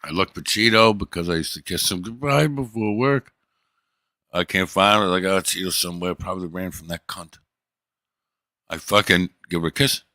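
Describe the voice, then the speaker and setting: A man's voice: low-pitched, moderate pace, pushed and bright, no echo. A man livestreaming, telling a long rambling story to his chat in loose, profane casual talk.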